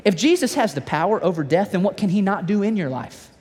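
Male pastor, sermon style, lively playful storytelling, bright high register, long hall reverb. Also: fast, few pauses, slightly rough. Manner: animated, playful storytelling with asides. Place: church.

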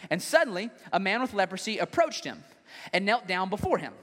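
A male pastor preaching a sermon in an animated, joking way. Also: high voice, a little fast. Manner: animated, joking, acts out scenes. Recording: long hall reverb.

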